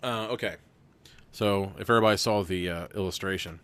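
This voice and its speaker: Deep-voiced and a bit bright, he talks fast while narrating a gamebook live for chat to vote on. The young host keeps things casual, reading aloud, laughing often, and letting a swear slip now and then.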